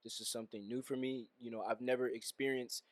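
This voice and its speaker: A man co-hosting a podcast, chatting about a movie in a measured way with many "you know" fillers. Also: medium pitch, level tone, dry recording. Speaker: podcast co-host. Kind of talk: casual movie review chat.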